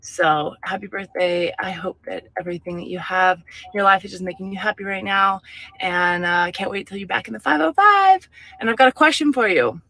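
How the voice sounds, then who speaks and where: A woman's voice: mid-range voice, a little fast, sharp tone, poor audio. A woman recording a casual video birthday greeting, upbeat and joking, correcting herself on the fly. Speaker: guest sending a video birthday message.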